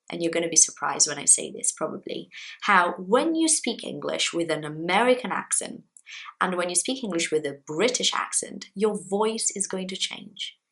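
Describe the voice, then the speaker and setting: Animated woman teaching English. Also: low-quality recording. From Brazil. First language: Portuguese. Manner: chatty, animated emphasis with pitch jumps. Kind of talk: casual video lesson to camera.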